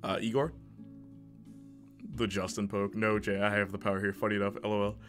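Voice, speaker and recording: Bright-voiced jokey male streamer. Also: lowish voice, level tone, a little fast, faint music behind. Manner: jokey, laughs often, talks to chat. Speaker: live streamer. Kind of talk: casual live-stream chat.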